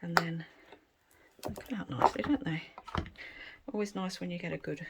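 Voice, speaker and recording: A middle-aged woman talks through her resin crafting in a relaxed, chatty way. Her voice sits slightly low for a woman. She pokes fun at herself and giggles often between remarks. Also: moderate pace, heavy background noise. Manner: chatty, self-deprecating, giggly. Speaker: resin art vlogger. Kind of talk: casual chat while crafting.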